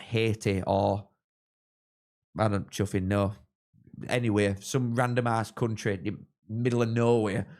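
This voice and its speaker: A young man chatting casually on a live football watchalong, rambling and thanking viewers, with sudden excited shouts. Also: medium pitch. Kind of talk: casual live-stream chat with match reactions.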